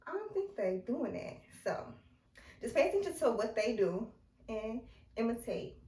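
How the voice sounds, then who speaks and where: A woman's voice: fairly high pitch, big pitch swings, normal speed, dark tone. A young woman chats casually through her advice, leaning on "like" as she goes. Her voice sits a little back from the microphone. The room around her rings noticeably. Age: young adult. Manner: chatty and conversational, heavy use of filler "like". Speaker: vlogger giving self-improvement tips. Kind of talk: casual advice talk to camera. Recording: roomy and distant from the mic.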